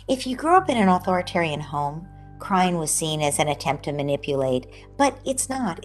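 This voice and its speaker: A woman parenting expert explaining advice in an online interview over a video call, lively and often checking in with "right?". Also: lowish voice. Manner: animated, acts out parent and child voices, often tags "right?".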